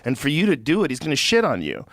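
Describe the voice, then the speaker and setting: A man's voice: medium pitch, fast, no room sound. A man hosting a podcast in casual chat, telling stories and acting out quoted voices. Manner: animated storytelling, acts out quoted voices. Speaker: podcast host.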